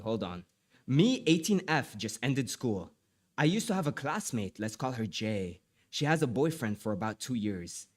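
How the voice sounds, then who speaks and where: A young man livestreaming and chatting with viewers, often apologizing, stammering and repeating himself, a little stuffy from allergies. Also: mid-range voice. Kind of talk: casual live stream chat and reading aloud.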